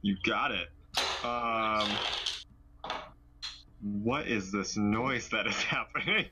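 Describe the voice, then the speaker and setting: A man's voice: lowish voice, takes it slowly, muffled recording, very noisy. A man playing a tabletop game over a call, hesitant and joking. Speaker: player. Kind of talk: casual game chat. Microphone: computer mic, online call.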